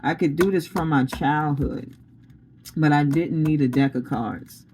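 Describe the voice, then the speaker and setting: A woman's voice: sits low, a little slow, darkish tone, slight background noise, poor audio. Blunt, preachy woman tarot reader. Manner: blunt, preachy, laughs often, slangy. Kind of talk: casual spiritual pep talk.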